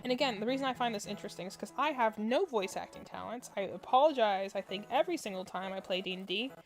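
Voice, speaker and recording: A woman's voice: medium pitch, animated, fast talker, faint music behind. A woman chatting casually while she crochets on a stream, rambling with lots of filler words and muttering stitch counts under her breath. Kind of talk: casual chat.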